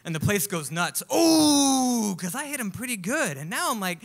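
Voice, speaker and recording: A man telling a comic personal story live on stage, animated and acting out other people's lines. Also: high voice, fairly quick. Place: live stage at a music club.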